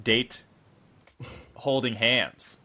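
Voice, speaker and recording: A man's voice: medium pitch, fairly even intonation, drawn-out words, pushed and bright. A young man co-hosting a podcast, casually retelling a plot and acting out the lines. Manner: rambling plot recap with put-on voices. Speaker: podcast co-host. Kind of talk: casual chat.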